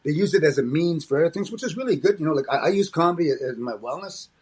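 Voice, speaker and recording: A man's voice: a little high, lively intonation, fast talker, breathy edge. An older man from Alberta, a comedian and speaker reflecting in an interview, often restarting and tagging lines with "eh?". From Alberta, Canada. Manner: frequent restarts and tag "eh?".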